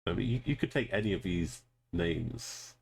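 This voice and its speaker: Male streamer, low and gravelly, relaxed live-commentary delivery while playing. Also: normal speed, slight background noise. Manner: thinks aloud, greets chat viewers. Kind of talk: casual live gameplay commentary.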